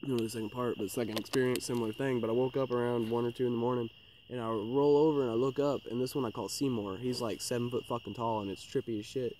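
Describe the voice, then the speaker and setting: A man's voice: mid-range voice, steady tone, fast talker, darkish tone, a little hiss or hum, rough recording. A man co-hosting a podcast, telling his ghost encounters in a rambling, swearing, filler-heavy way. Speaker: podcast co-host. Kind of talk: casual storytelling chat.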